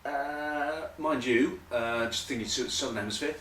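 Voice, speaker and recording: A man's voice: mid-range voice, measured pace, fairly bright tone, distant mic, slight background noise. A man hosting a comic rugby news monologue, rambling with jokey asides. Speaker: host. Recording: echoey room, voice off-mic.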